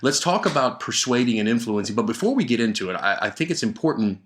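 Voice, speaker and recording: A man hosting a sales coaching podcast, talking in an emphatic, energetic motivational style and repeating key words for stress into a podcast microphone. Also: mid-range voice, fast talker. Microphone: studio podcast microphone.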